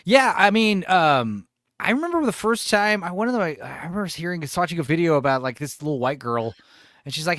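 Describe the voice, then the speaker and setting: A man's voice: on the high side, fast talker, dry recording, clean studio sound. A man hosting a casual livestream, rambling and chuckling as he chats. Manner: rambling, chuckling, with lively intonation. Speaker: streamer host.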